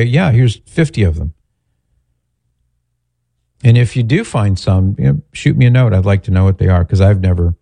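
Low, mellow-voiced male radio host. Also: creaky, husky, dry recording. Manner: chatty, folksy, jokes with the producer. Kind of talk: casual call-in radio talk.

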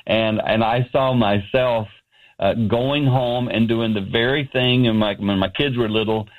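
A man's voice: mid-range voice, unhurried, narrow, tinny audio. Earnest middle-aged man telling a story. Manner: earnest, anecdotal, animated quoting. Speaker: ministry founder, guest. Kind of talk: storytelling radio interview. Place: his office.

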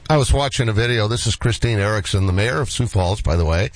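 A man hosting a casual interview, asking questions in a relaxed, conversational way. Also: on the low side, fast, dry recording, poor audio.

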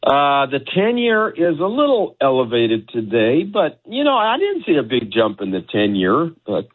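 A man's voice: medium pitch, wildly swooping pitch, moderate pace. A man hosting a radio finance show in a casual, joking way, reading off market figures. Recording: narrow phone-like radio sound.

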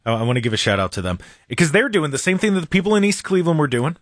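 Guy hosting political talk, sarcastic and mocking, kinda high voice, dry close mic. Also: sing-song, very fast, no room sound. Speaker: talk show host. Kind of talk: political commentary.

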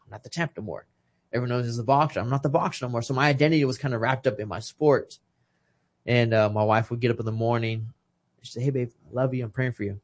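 Speaking fast in a steady, mid-range voice, a man in his thirties shares an emotional personal story as a guest on a casual podcast. He's a retired boxer, and he acts out what other people said along the way.

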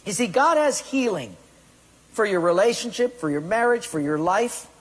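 Man, pastor, high voice, husky tone, long hall reverb. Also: expressive, normal speed. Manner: asks the congregation questions, tells a joke with acted voices. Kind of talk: sermon.

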